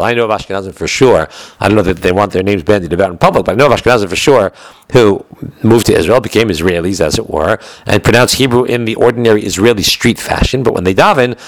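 A low-voiced American man delivers a lesson on Jewish law at a rapid clip. He explains in a loose, conversational way and often breaks off to restart a thought. His voice sounds close and dry, with no room around it. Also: dry recording, rough recording. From United States. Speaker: Torah teacher.

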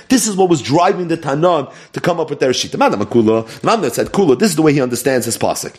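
A man teaching a Talmud lesson, animated and mixing Hebrew and Yiddish terms into English. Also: on the high side, quick pace, few pauses. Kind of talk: Talmud lecture.

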